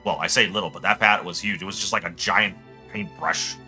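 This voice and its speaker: A young man streaming a game, rambling excitably as he tells stories and chats. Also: on the low side, brisk, vocal fry, faint music behind. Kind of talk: casual gameplay chat.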